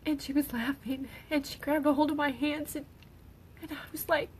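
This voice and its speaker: A middle-aged woman, tearful, speaking haltingly on an emotional personal livestream as a grieving mother. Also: high voice, fairly even intonation, slight background noise, rough recording. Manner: halting, with pauses and restarts. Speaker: grieving mother sharing her daughter's story.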